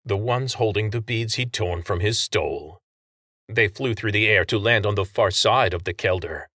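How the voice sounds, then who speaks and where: A man narrating a story aloud, steady and expressive. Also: lowish voice, normal speed, dry recording, clean studio sound. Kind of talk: audiobook narration.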